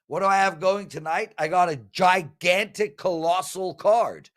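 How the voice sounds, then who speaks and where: A man, a sports handicapper, pitching his picks in a casual chat, animated and pleading, swinging from loud bursts to low mutters. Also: unhurried.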